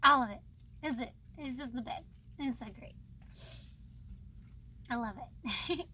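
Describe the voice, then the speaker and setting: A woman's voice: sits high, a little slow, pushed and bright, a little hiss or hum. A young woman hosting her book channel, chatting casually and bubbly, laughing often. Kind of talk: casual chat about books.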